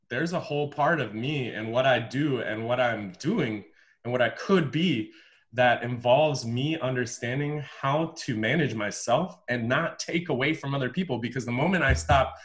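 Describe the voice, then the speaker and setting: A man from the United States, a former pro volleyball player, telling his story as a podcast guest in an emphatic, animated, casual way. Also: medium pitch. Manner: emphatic and animated, repeats words, says "bro".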